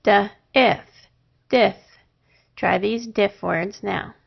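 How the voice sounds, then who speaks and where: Slow, gravelly woman teaching phonics. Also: medium pitch. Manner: sounds out syllables and words one at a time with long pauses. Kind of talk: slow, deliberate phonics lesson. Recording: dull lo-fi recording.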